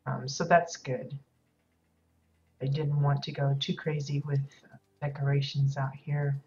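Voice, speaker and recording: Her voice is a rumbling low one, unhurried and a little mellow, with little pitch movement and slight background noise. Losing her voice and sounding a little worn, this streamer rambles hesitantly with many fillers as she decorates in a game. It's casual live-stream commentary in dull lo-fi audio with music behind it.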